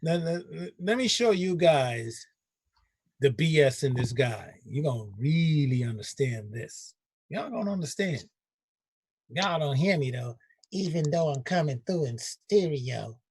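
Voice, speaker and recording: A man hosting a casual radio talk show, emphatic and animated, often laughing. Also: fairly high pitch, unhurried, slightly rough, no echo.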